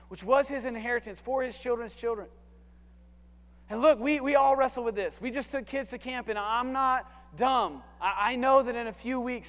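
A high-voiced man preaches to his congregation. His delivery is animated, dropping to a hush and then climbing to shouts. The sound rings with the long reverb of a church hall. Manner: animated, swings from hushed to shouting. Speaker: pastor. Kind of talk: sermon. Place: church sanctuary.

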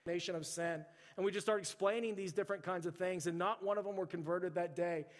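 Pastor preaching in a reverberant hall. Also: male voice, high voice, steady tone, fairly quick. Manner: conversational storytelling with frequent restarts and "like". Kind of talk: sermon.

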